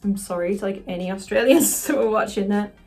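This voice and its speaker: A woman chatting casually through a makeup tutorial, excitable and quick to swear. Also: medium pitch, faint music behind. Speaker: cosplayer doing a makeup tutorial.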